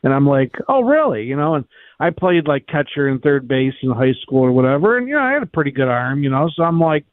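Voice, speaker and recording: A man telling a rambling, animated story on a sports radio show, packed with "like" and "you know.". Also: mid-range voice, fast, dry recording. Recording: tinny phone-like line.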